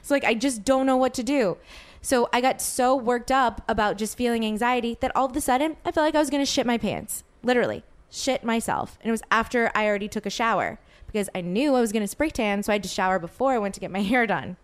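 A woman's voice: on the high side, lively intonation, fast, few pauses. A woman hosting a podcast, telling a long rambling story in casual chat with lots of filler words. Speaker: podcast host.

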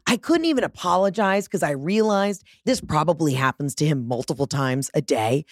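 A woman's voice: sits low, expressive, a little fast, dry recording, clean studio sound. A woman telling a profane, dramatic story in a casual monologue, acting out both sides of phone calls. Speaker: vlogger.

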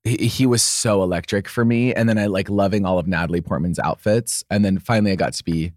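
Very low-voiced playful man. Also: fairly even intonation, fast talker, darkish tone, no echo, studio quality. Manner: playful, campy, often laughing. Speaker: podcast co-host. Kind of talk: casual chat.

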